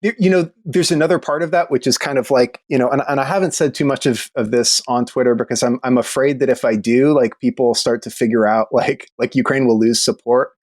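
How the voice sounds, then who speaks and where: A man appearing as a podcast guest, telling stories in casual chat with rambling, profane, halting speech. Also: medium pitch, steady tone, a little mellow, no echo.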